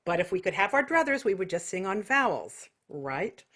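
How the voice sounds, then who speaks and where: Bright lively American woman teaching singing. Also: medium pitch, moderate pace. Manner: demonstrates loud nasal vocal exercises between explanations. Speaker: vocal teacher. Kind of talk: online singing lesson. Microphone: video call.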